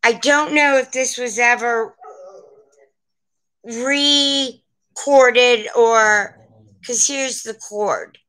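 Sex: woman. Role: vintage seller on a live stream. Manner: chatty, rambling, slow. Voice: bright, a little high. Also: steady tone, rough recording. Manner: chatty, rambling, warm toward her viewers. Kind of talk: live-stream sales chat. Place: at home, indoors.

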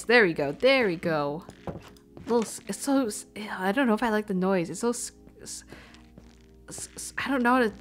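A young woman with a Canadian accent, chatting casually on a live stream while she plays, thinking aloud and apologizing as she goes. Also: mid-range voice. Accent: Canadian English. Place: home room, stepping away from the mic at times. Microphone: desk microphone.

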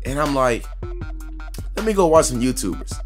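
A man in the middle of his range calling the action in casual gameplay commentary. His talk is loose, slangy and excitable, aimed straight at his viewers, with faint music playing behind him. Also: mid-range voice, moderate pace. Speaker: gaming YouTuber.

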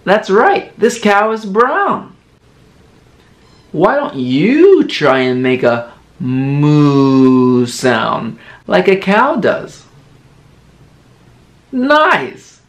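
A young man speaks to toddlers in a slow, patient voice, stretching every word out. His pitch leaps up and down as he models each new word. He sounds like a friendly early-learning teacher. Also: huge pitch swings. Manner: slow, exaggerated, sing-song word modelling. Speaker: children's teacher.

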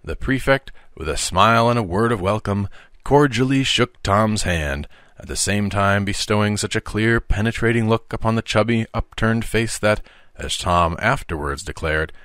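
Low-voiced father reading a storybook. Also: no room sound, studio quality. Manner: expressive, measured storytelling. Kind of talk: audiobook narration.

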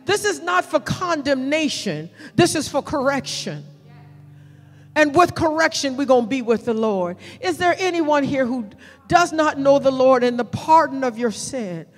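A woman pastor leading a fervent sermon and altar call, shouting prayers and pleading with the congregation. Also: high-pitched, expressive, unhurried, in a large hall. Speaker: senior pastor.

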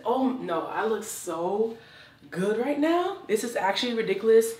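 A woman's voice: medium pitch, lively intonation, normal speed, a little mellow. A young woman vlogging a swimsuit try-on haul in sassy, exuberant casual chat. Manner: sassy, exuberant, says "child" often. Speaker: fashion vlogger. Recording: roomy, from a distance.

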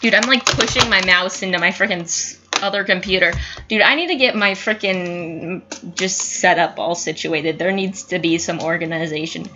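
A young woman giving casual gameplay commentary, excitable, swearing and yelling at the screen. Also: fairly low pitch, moderate pace, dull audio, over music. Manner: excitable, yells at the screen, frequent cussing. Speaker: gaming youtuber.

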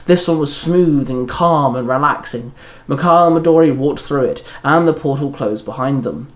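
A man narrating a fan-written story in a steady, plain storytelling manner. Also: a little high. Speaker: fan fiction reader. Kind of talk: story reading.

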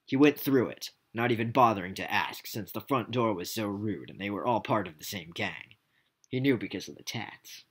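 A YouTube host with a lowish, slightly rough and fairly bright voice reads a silly story aloud at normal speed, his intonation lively. He trips over the text, bursts out laughing, and adds comic asides.

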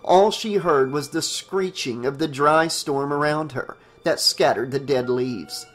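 A man's voice: fairly high pitch, measured pace, a bit bright, faint music behind. Man narrating a horror audiobook. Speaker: audiobook narrator and channel host.

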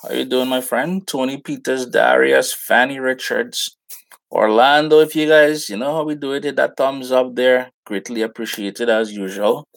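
Gravelly Trinidadian man chatting on a live stream. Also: mid-range voice, moderate pace. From Trinidad and Tobago. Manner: relaxed, greets viewers by name, Caribbean slang. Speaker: cooking show host. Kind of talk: casual live-stream chat.

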